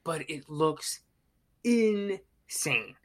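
Podcast co-host, casual review chat; animated and profane, bright tone, mid pitch. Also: drawn-out words. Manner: animated, swears, acts out own reactions.

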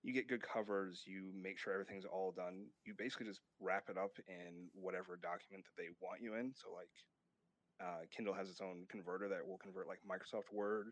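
A man's voice: sits low, steady tone, fairly quick, dry recording. A man, a guest author, talking casually in an interview, rambling a little with fillers and restarts.

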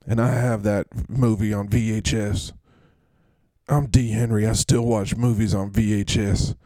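A man voicing a proud, hardworking running back who delivers a deadpan, boastful monologue. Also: on the low side, dry recording.

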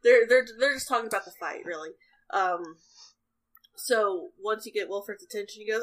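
A woman's voice: medium pitch, normal speed, a bit bright, low-quality recording. A woman narrating a tabletop role-playing game as game master, chatty and rambling, often laughing.

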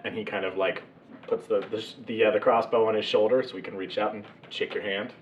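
A man's voice: fairly low pitch, steady tone, fast talker, slight background noise. Laid-back man running a tabletop game. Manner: loose, filler-heavy narration full of "like" and "kind of". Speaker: game master. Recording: distant, echoey, muffled mic.

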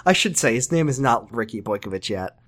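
A woman's voice: extremely low pitch, lively intonation, brisk. A woman co-hosting a casual podcast who rants about a show in an exasperated tone, swearing freely. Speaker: podcast co-host recapping a show. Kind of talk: casual ranting recap chat.

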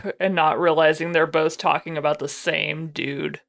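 A woman's voice: low-pitched, level tone, moderate pace, gravelly, fairly bright tone. A woman co-hosting a podcast in casual chat. She makes blunt, dry remarks and swears casually. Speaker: podcast co-host.

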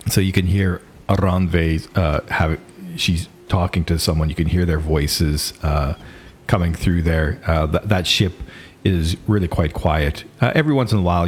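Deep-voiced male game master. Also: a little hiss or hum. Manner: hesitant, many fillers. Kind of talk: narrating a tabletop game.

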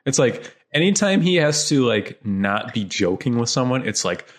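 A man's voice: mid-range voice, sing-song, normal speed. Joking man in casual film chat. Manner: joking, dry, often laughing. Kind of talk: casual chat about films.

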